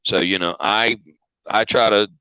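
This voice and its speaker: Southern man with a bright lo-fi voice. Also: fairly low pitch, steady tone, a little slow, clean tone, dry recording. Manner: folksy, plain-spoken. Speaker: truck driver, guest. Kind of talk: casual livestream chat. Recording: dull lo-fi audio.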